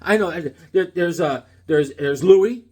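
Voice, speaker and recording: A man hosting a comic book video, riffing in a joking, rambling, animated way. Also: high-pitched, unhurried, husky. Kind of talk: comedic casual monologue.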